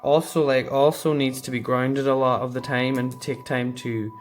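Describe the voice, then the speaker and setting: A man giving a casual tarot reading, thinking aloud and meandering with frequent pauses. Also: medium pitch, level tone, faint music behind. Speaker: tarot card reader.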